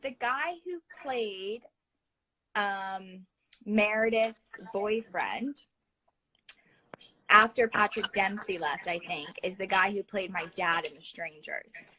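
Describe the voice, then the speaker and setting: A young woman talking to her viewers on a phone livestream with a bright, sharp tone. She rambles and giggles, restarts her sentences and tangles her words. Her pitch sits in the middle, neither high nor low. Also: slow pace, slight background noise, rough recording. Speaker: co-host of a livestream. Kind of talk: casual chat.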